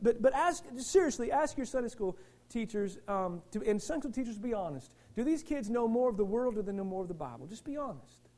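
A male pastor preaching a sermon with passion, firing rhetorical questions at the congregation and swinging from shouts to quiet asides. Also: sits high, very animated, a little fast.

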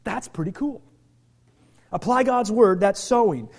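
A male pastor with a strikingly high voice delivers a lively sermon. He drops to quiet, confiding talk, then rises to shouted emphasis. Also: measured pace, long pauses. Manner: animated, swings from quiet to shouting.

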